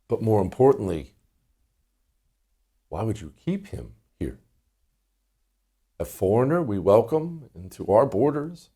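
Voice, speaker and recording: A man's voice: on the low side, warm tone, breathy edge. A middle-aged man hosting a talk show, delivering a combative, sarcastic monologue. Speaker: host.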